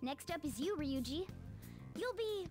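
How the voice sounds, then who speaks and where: A high, bouncy voice for a bossy, impatient cat mascot, its pitch leaping all over. It comes through as game audio with a strong music bed running under it. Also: female voice, expressive, a little slow. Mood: decisive. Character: bossy talking cat creature, mascot of thieves.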